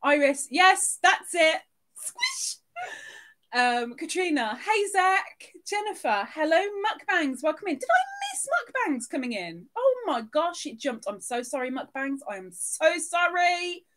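A woman's voice: sits high, sing-song, measured pace, few pauses, a bit bright. A woman hosting a live stream, reading out viewers' names and chatting casually, with plenty of giggles. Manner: bubbly, giggly, reading chat names aloud.

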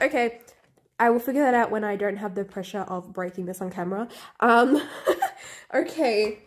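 A young woman vlogger unboxing albums in a room at home, gasping and gushing, often dropping to breathy half-whispered squeals. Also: mid-range voice. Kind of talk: excited unboxing chat.

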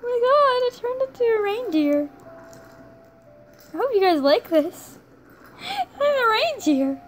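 Giggly high-voiced young woman gamer. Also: rough recording. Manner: giggly, squealing, easily delighted. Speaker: gaming video creator. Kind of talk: excited gameplay commentary. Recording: game music playing behind.

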